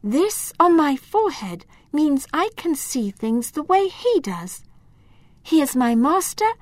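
A woman's voice: sits high, dry recording, pitched above the performer's own voice, heavily acted. A woman voicing a cold female elf, devoted to a sorcerer, who speaks sharply and with scorn, as in a storybook reading.

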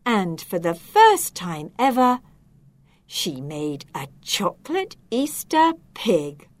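A woman reading a children's story aloud, slow, expressive and clearly enunciated. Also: mid-range voice, dry recording.

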